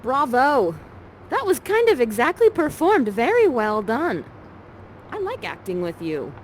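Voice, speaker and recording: A woman's voice: a little high, wildly swooping pitch, measured pace, a little hiss or hum. A woman actor guiding a partner through an interactive theater scene in a chatty, playful, encouraging way, from a room with the door open. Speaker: actor and guide of a live virtual theater session. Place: ground-floor rental with door open, in summer heat.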